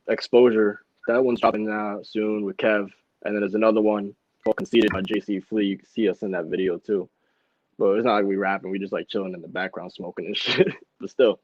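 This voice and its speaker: A man's voice: fairly low pitch, no room sound. A man chatting as a rapper on a podcast, laid-back and full of slang, laughing often. The room is dry and dead. The recording is dull and lo-fi. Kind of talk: casual chat.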